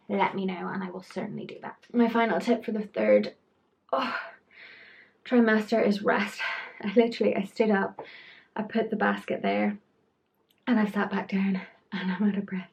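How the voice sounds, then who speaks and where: A woman's voice: medium pitch, vocal fry, darkish tone, lo-fi sound. A young woman giving frank, chatty pregnancy advice to camera, trailing into asides. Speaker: pregnancy vlogger. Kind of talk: casual talk-to-camera advice.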